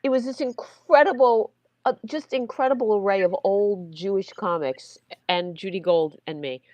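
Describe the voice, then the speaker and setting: A woman's voice: medium pitch, moderate pace, darkish tone, no room sound, highs cut off. A woman comedian chatting with hosts on a video call. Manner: chatty, laughs easily. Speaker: comedian guest. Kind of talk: casual video-call chat.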